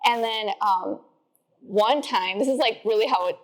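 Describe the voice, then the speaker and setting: A young woman in her twenties, a podcast guest telling stories in a chatty way, filling her talk with "like" and jumping higher when she quotes people. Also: moderate pace. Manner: chatty, says "like" often, acts out quotes in a high voice. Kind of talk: casual interview storytelling.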